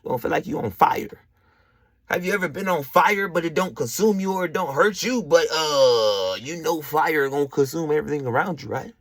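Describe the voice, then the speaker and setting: A man's voice: on the high side, animated, fairly quick, a bit bright, no echo. A man hosting a spiritual motivational podcast, preachy and slangy, talking straight to the listener. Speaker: podcast host.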